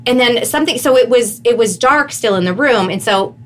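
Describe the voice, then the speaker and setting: A woman's voice: a little high, brisk, slight background noise. A woman guest in a casual conversation, telling a personal story with lots of "like" fillers. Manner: animated, heavy use of "like" fillers.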